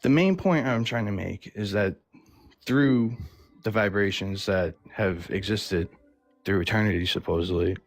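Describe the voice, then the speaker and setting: A man calling into a live stream debate, rambling with many fillers and turning defensive when questioned. His voice sits a little low and sounds dry and close. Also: measured pace, no echo. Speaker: caller.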